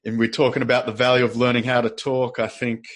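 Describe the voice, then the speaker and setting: A male podcast host with a voice of ordinary pitch. He speaks in a measured, encouraging manner and now and then pauses mid-sentence to find his words. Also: little pitch movement. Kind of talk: casual interview talk.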